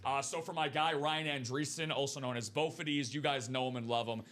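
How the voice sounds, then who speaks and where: A man hosting a live stream of memorabilia breaks, chatting upbeat and fast as he pitches to viewers. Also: fairly even intonation, fairly bright tone, a little hiss or hum. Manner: upbeat, chatty, quick patter.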